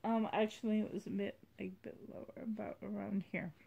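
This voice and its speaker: A woman's voice: medium pitch, little pitch movement, fairly quick, vocal fry, slightly rough, narrow, tinny audio. A woman vlogging about her doll collection in a rambling, heartfelt way. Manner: rambling, heartfelt, soft-spoken. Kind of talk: casual vlog chat.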